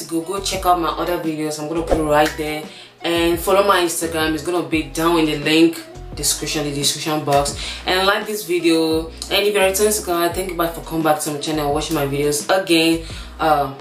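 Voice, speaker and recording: A young Nigerian woman in her twenties rambles cheerfully to her viewers in a low-pitched, easygoing voice. Her accent is plain in every phrase, and the room around her rings back noticeably, with faint music underneath. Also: a bit bright, roomy sound. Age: 20s. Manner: chatty, playful, rambling with fillers. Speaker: YouTuber. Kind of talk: casual vlog chat.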